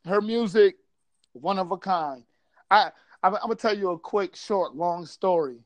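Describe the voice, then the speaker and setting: A man's voice: sits high, measured pace. A man from Buffalo telling a casual story, swearing freely and acting out quotes. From Buffalo, New York.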